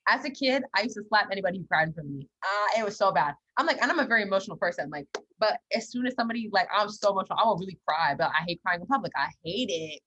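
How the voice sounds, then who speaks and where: A woman's voice: mid-range voice, rapid-fire, few pauses, dull audio. A young woman chatting casually on a podcast, telling blunt stories and acting out the quotes. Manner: blunt, animated storytelling with acted-out quotes. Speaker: podcast co-host. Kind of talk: casual chat.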